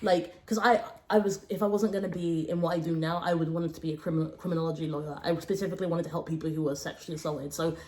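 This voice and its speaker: A young woman hosting a casual storytime podcast, talking animatedly and dropping low and hushed when she quotes people. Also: quick pace, few pauses. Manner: animated, swings between raised exclaiming and low, hushed quoting. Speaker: podcast host.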